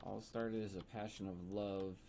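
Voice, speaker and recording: A man co-hosts a gaming stream in a laid-back way, tossing in short replies. His voice is low and heavily gravelly, with lots of vocal fry. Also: flat delivery, normal speed, warm tone, slight background noise. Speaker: stream co-host. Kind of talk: casual chat while gaming.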